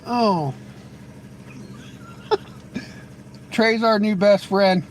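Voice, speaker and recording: A man's voice: high voice, very slow, slight background noise, low-quality recording. A man hosting a live stream, chatting casually with viewers in a rambling, teasing way, often stammering into restarts. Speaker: livestream host.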